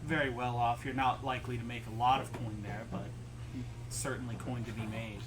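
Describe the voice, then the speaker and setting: A man narrating as game master in a tabletop game, relaxed and laughing along with his players. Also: mid-range voice, brisk. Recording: noisy stream audio.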